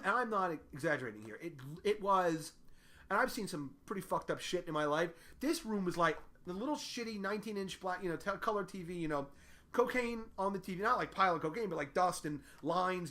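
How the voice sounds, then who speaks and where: A man's voice: sits high, animated, a little fast, sharp tone. A man telling a rambling, profane, self-deprecating comic story in a casual way.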